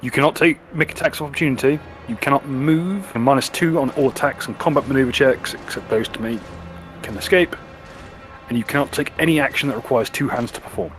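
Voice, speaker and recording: A man running a tabletop game as game master, calmly explaining combat rules. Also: mid-range voice, fast talker, faint music behind. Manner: explains rules plainly, calm and matter-of-fact.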